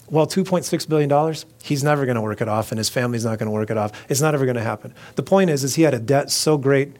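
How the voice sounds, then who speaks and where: A male pastor gives a relaxed, conversational sermon at a middle pitch. He talks casually and animatedly, slipping into the voices of the characters as he retells the story. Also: quick pace.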